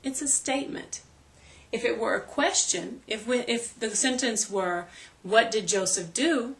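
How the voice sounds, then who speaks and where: A woman's voice: a little high, unhurried, vocal fry. A middle-aged woman, a homeschool teacher, giving a patient step-by-step classroom demonstration and checking in with "okay?".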